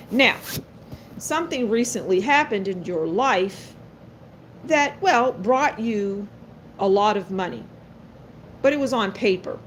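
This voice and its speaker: A woman's voice: medium pitch, a little hiss or hum. A woman doing a live-stream tarot reading. She is blunt and sassy and speaks straight to her viewers. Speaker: tarot card reader.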